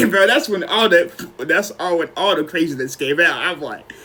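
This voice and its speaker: A young man with a high-pitched voice tells a long story in a relaxed podcast chat. He acts out what people said, jumping even higher when he quotes them, and keeps clearing his throat. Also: normal speed. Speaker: podcast co-host.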